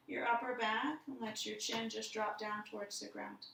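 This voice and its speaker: A woman yoga teacher giving slow, gentle cues for poses and a guided meditation. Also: mid-range voice, level tone, gravelly. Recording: very echoey room, distant mic.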